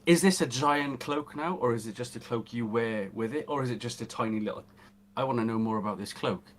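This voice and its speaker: A man co-hosting a casual podcast, excitable and jokey, rambling as he reads out news. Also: mid-range voice, brisk, a crowd in the background. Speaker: podcast co-host.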